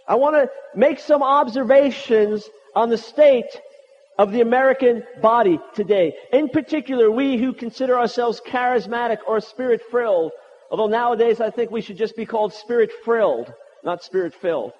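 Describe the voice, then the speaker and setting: A man's voice: very high voice, normal speed. A man preaching a sermon with prayer, impassioned and emphatic, repeating his points. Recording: dull sound with long hall reverb.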